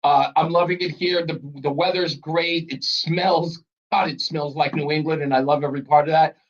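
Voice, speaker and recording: A middle-aged male talk radio host with a high voice, bantering with callers and laughing often. The broadcast sound is dull and muffled. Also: fairly even intonation, normal speed. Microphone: studio broadcast mic.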